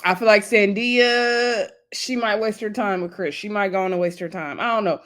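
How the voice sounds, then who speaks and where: A woman vlogger recapping a reality TV episode in a casual, gossipy, animated way, with loose slangy talk and asides to her viewers. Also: mid-range voice, normal speed. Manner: loose slangy speech addressing viewers as y'all.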